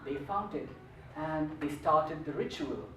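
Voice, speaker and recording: A man's voice: fairly high pitch, expressive, measured pace, a bit bright, reverberant, far from the mic, a little hiss or hum, low-quality recording. A man giving a humorous storytelling speech at a contest, with a playful, theatrical delivery. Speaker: contest speaker.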